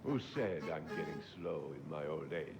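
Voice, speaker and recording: An actor playing a gruff older male police inspector in a video game, brusque and taunting, with a gravelly voice. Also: rumbling low, moderate pace. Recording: game audio with music behind.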